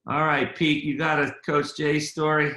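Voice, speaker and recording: Male moderator, bright sharp tone, low-ish, roomy echo. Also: little pitch movement, moderate pace. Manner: short reactions, prompts others for stories. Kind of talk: casual reunion chat.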